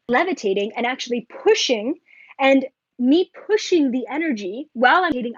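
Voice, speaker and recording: A woman talking casually to her viewers as a spiritual vlogger, rambling and excitable, full of filler likes and asides. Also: on the high side, no echo, muffled recording.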